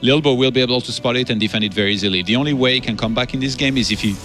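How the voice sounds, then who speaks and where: Male esports caster, live game commentary, analytical, mid-pitched voice, faint music behind. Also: racing, fairly bright tone. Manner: analytical, breaks down the game state.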